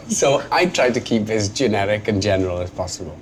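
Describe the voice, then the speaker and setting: A Welsh man in his thirties, an actor guest telling stories in a casual interview, self-deprecating and quick to laugh. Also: on the low side. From Wales. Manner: animated storyteller, self-deprecating, laughs often. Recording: noisy background.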